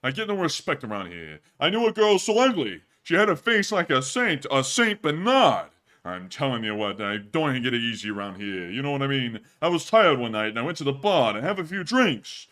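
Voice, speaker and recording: A man voicing a self-pitying male stand-up comic, firing off loud, punchy complaining one-liners. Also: medium pitch, big pitch swings, brisk.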